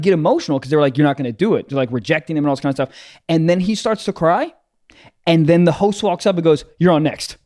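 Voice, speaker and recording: Laid-back young man telling a story. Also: fairly high pitch. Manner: laid-back storyteller, quick deadpan jokes. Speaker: podcast co-host. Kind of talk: casual comedic chat.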